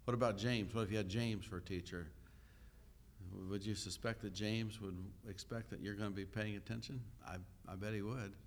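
Male pastor, lower voice, unhurried conversational sermon with many pauses. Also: fairly even intonation, a little hiss or hum. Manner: unhurried teaching with frequent "uh" pauses; conversational, asks the listeners questions.

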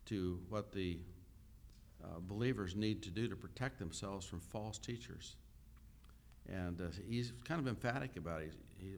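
Male pastor, lower voice, unhurried conversational sermon with many pauses. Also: a little hiss or hum. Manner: unhurried teaching with frequent "uh" pauses; conversational, asks the listeners questions.

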